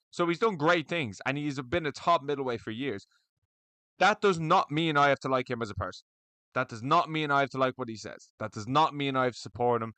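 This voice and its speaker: Medium-pitched and sharp, this young man's voice comes through with no echo. He's an MMA vlogger ranting alone to camera, bluntly and with plenty of swearing, about fans of the sport.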